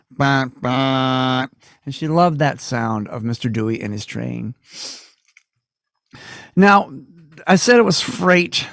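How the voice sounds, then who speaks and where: A man's voice: fairly high pitch, no echo, clean studio sound. A man telling a folksy, digressive personal story with playful asides, recorded on a webcam mic during a video call.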